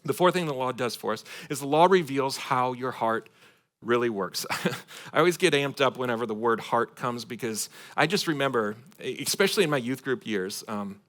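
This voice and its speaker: A man from Michigan preaching a sermon to his congregation, swinging between loud emphatic points and quiet asides. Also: mid-range voice, lively intonation, moderate pace. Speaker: pastor. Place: church sanctuary.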